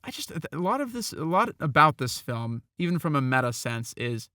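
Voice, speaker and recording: A man co-hosting a film review podcast, speaking in a measured, hesitant way with fillers. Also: fairly high pitch, big pitch swings, sharp tone, no room sound, studio quality. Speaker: podcast co-host. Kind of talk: casual film review chat.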